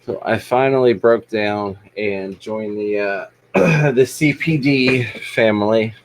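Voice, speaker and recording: A man's voice: on the low side, takes it slowly, a little hiss or hum, low-quality recording. A man hosting a livestream, easygoing and self-deprecating in casual chat. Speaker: livestream host.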